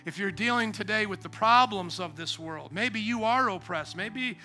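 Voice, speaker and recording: A preacher in his forties delivering a sermon in a high, very bright, ringing voice. He drops to a near-hush, then builds to loud, emphatic peaks and acts out other people's voices as he goes. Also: lively intonation, normal speed, soft background music. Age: 40s. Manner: swings from hushed intimacy to loud, shouting emphasis. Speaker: pastor.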